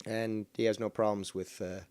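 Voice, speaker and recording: A man hosting a casual call-in livestream, rambling and sarcastic, cursing at his software. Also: lowish voice, little pitch movement, normal speed, dry recording. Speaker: livestream host.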